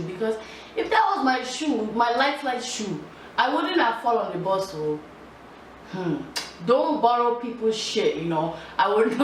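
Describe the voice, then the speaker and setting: Young woman telling a story in an echoey room. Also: mid-range voice. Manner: animated, chatty storytelling with slang and frequent laughter. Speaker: vlogger. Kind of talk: casual storytime vlog. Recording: echoey room, distant mic, faint hiss.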